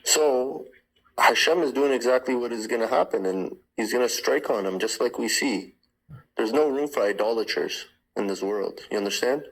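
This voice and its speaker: A man's voice: medium pitch, moderate pace, poor audio. A man calling into a live stream, insistently preaching his view. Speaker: caller. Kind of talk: casual call-in talk.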